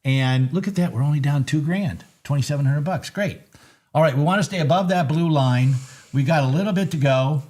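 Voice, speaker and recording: A man's voice: on the high side, fairly quick. A man hosting a live market recap from his trading desk, chatting casually and joking over the charts. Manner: excitable and joking, bursts of laughter.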